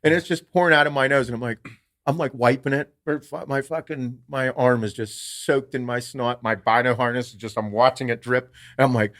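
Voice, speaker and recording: A man hosting a podcast, telling a story in a casual, animated way and swearing freely. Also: mid-range voice, fairly quick. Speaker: podcast host.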